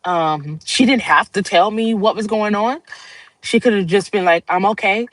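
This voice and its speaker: A woman's voice: medium pitch, moderate pace, no room sound, rough recording. Earnest woman chatting on a livestream. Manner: earnest, rambling, laughs often, addresses viewers as y'all. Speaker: livestream host. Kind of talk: casual heartfelt monologue.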